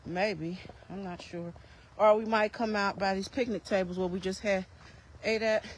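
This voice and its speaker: A woman's voice: mid-range voice, steady tone, normal speed, slight background noise. Woman on a trail vlog, a bit winded, chatty and teasing her kids, phone mic outdoors. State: a little out of breath. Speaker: vlogger and mother. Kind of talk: casual walking vlog. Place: outdoor park nature trail.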